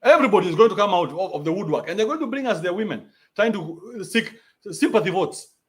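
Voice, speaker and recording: A man's voice: high voice, expressive, quick pace. A young adult man with a Kenyan accent, ranting bluntly in a profane, mocking livestream. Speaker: commentator. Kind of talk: livestream rant.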